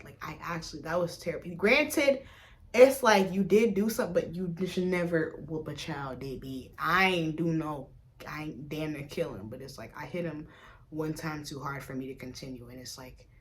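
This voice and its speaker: A young adult woman from Africa talking candidly in a casual vlog, blunt and profane, jumping from loud outbursts to low mutters. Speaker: vlogger.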